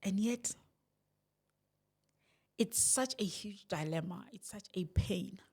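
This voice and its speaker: A woman's voice: mid-range voice, slow pace, breathy edge. Reflective South African woman vlogging. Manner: reflective, rambling, with sighs and soft laughs. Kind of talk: candid personal vlog monologue.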